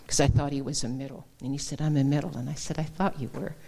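A woman giving a sermon in a church, telling personal stories in a warm, conversational way. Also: a bass voice, fairly even intonation, fast talker, vocal fry, a little hiss or hum. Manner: warm storytelling, addresses people as darling and honey. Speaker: guest speaker.

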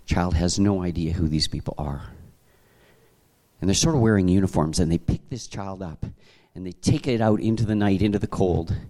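Canadian pastor preaching conversationally. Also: male voice, low-pitched, normal speed. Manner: conversational, animated storytelling with frequent restarts. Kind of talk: sermon.

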